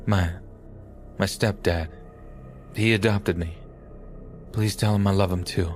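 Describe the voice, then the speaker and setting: A man voicing a badly injured twenty-year-old man, shaky, halting and pleading. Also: sits low, fairly even intonation, faint music behind. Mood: desperate.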